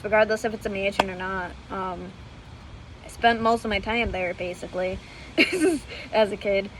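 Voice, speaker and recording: A woman's voice: medium pitch, noisy background. A woman vlogger telling history in a casual, hesitant way, with many fillers and self-corrections, often laughing at herself. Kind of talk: casual unscripted storytelling.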